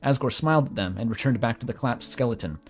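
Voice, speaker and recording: A man's voice: mid-range voice, fast. A man casually reading a story aloud, breaking off for self-deprecating asides with mild swearing. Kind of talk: casual read-aloud of fan fiction.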